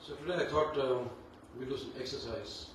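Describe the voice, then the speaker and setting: A man leading a devotional scripture class, talking in an unhurried, conversational way with many fillers. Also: mid-range voice. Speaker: Bhagavatam class teacher. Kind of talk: devotional class talk with Sanskrit chanting. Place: temple hall. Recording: echoey hall, distant mic, background noise.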